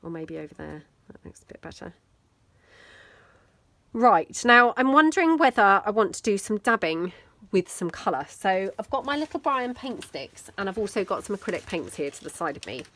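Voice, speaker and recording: A British woman with a mid-range, slightly bright voice hosts a casual mixed media crafting tutorial, very animated at a moderate pace. Chatty and self-deprecating, she thinks aloud as she works, and the recording is dry.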